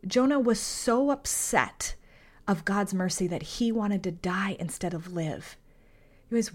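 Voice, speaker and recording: A woman's voice: medium pitch, a little mellow. A woman hosting a faith podcast. She speaks in an earnest, heartfelt, conversational way, reads scripture aloud and prays. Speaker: podcast host.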